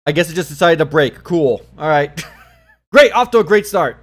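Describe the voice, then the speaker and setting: Excitable swearing young streamer, high voice. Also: male voice, normal speed. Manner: excitable, swears a lot, laughs often. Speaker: live stream host. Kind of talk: casual live-stream commentary.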